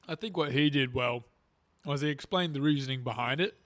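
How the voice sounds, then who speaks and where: A young man in his twenties in a relaxed podcast chat, reflective and full of "like" and "you know". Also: medium pitch, brisk.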